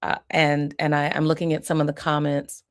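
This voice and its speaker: A woman psychiatrist giving a live-streamed teaching talk, calm and deliberate, modeling soothing phrases as she coaches. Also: sits low, clear, resonant tone.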